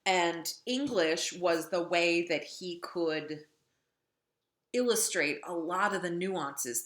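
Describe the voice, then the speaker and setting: Low-voiced woman lecturing in echoey room. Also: fairly bright tone. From North Dakota. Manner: chatty, wry, with many ums. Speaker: literature lecturer. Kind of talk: classroom lecture.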